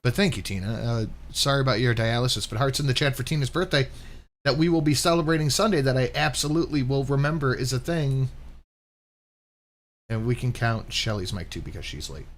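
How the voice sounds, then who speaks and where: A man's voice: mid-range voice, brisk. A man hosting a live stream, reacting to another streamer with sarcastic, mocking remarks and thanking donors. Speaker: commentary streamer.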